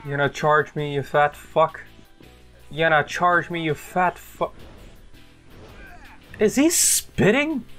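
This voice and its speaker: A young man commentating on a video game he is playing, excitable and foul-mouthed, with loud outbursts and frequent laughs. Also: fairly high pitch, slow pace, pauses often, soft background music. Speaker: gameplay commentator. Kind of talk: let's play commentary.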